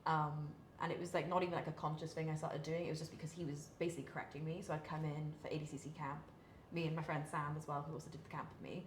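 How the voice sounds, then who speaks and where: Young british woman, low voice, chatty with lots of "like", echoey room with a faint hiss. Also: flat delivery, very fast. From Britain. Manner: chatty, many fillers, laughs between thoughts. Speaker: professional grappling athlete, interview guest. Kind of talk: candid casual interview talk.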